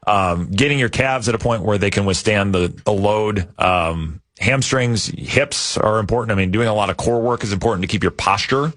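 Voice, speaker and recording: Man, low voice, easygoing and explanatory, studio mic, dry sound. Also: moderate pace, hardly any pauses, no room sound. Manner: relaxed, explains at length with easy laughs. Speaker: studio guest. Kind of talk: casual radio talk. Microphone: studio microphone.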